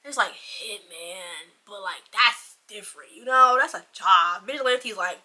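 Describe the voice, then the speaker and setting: A woman giving a casual, profane, rambling book review in an animated ranting manner. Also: medium pitch, normal speed, few pauses.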